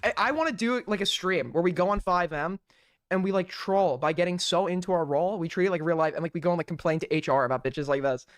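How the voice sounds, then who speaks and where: A man's voice: high-pitched, fast, clear, resonant tone, dry recording. Sarcastic man, dry close sound. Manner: sarcastic, laughs often, swears casually. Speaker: streamer host reacting to a clip. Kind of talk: mocking live commentary.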